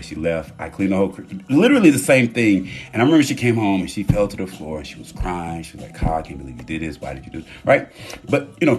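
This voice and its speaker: Deep-voiced, animated man. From Houston, Texas. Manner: animated, emphatic, candid with profanity. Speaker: live-stream host. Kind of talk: casual live-stream talk.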